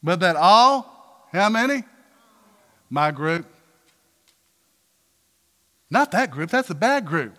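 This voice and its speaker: Bright-voiced preacher in a reverberant hall. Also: male voice, high voice, very animated, slow, pauses often. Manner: preaches with rhetorical questions and sudden loud emphatic bursts. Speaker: pastor. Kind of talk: sermon. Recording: reverberant hall with faint music.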